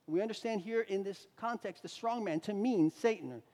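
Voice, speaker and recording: A man preaching a sermon as a pastor, swinging between loud emphatic lines and quiet asides. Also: sits high, normal speed. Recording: reverberant hall.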